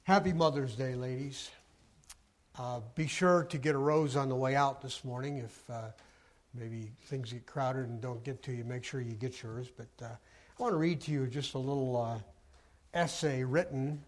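A man preaching a sermon as pastor, talking softly and conversationally to the congregation. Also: medium pitch, fairly even intonation, normal speed.

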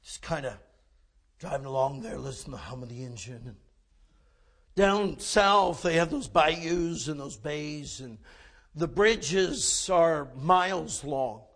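A male preacher telling a folksy story in a sermon, often dropping to a hush. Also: a little high, lively intonation, slow. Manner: folksy storytelling, drops to hushed tones.

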